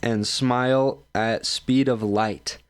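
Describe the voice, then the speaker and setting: A man's voice: medium pitch, steady tone, takes it slowly, clear, resonant tone. A man hosting his own streaming show, reacting to videos in loose, joking, self-mocking chat while sounding tired and yawning. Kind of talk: casual rambling commentary.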